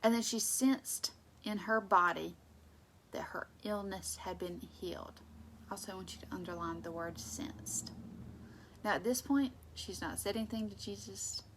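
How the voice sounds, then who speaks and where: A woman leading a casual Bible study, conversational and emphatic, sometimes dropping into soft asides. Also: medium pitch, a little slow, background noise.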